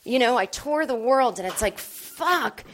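A woman's voice: a little high, expressive, measured pace, a bit bright, slight background noise. A woman comedian hosting her podcast alone, telling a rambling story in a sarcastic, self-mocking way. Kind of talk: solo storytelling monologue. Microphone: podcast microphone.

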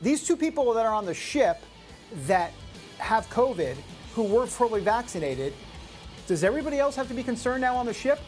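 Woman in her fifties, talk show host, lively pitch, sarcastic asides, opinion commentary. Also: brisk, faint music behind. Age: 50s.

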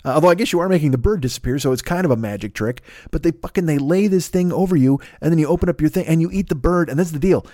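A man's voice: on the high side, racing, hardly any pauses, dark tone, dry recording, clean studio sound. A man hosting a podcast, delivering a rambling, profane comedic monologue full of restarts and stammers. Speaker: podcast host.

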